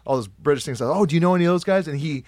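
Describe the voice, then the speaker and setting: A man chatting casually on a podcast, laid-back and quick to agree with the others. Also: a little high, animated, darkish tone, no room sound.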